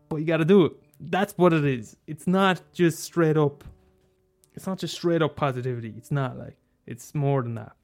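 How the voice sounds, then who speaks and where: A man talking casually and passionately about films, swearing freely and jumping up into high exclaims. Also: a little mellow. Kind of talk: casual film chat.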